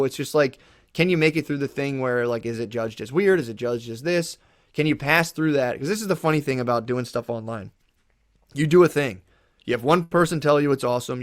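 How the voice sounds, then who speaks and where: A man's voice: mid-range voice, no room sound, clean studio sound. Blunt, swearing man in casual podcast talk. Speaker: podcast guest. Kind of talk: casual chat.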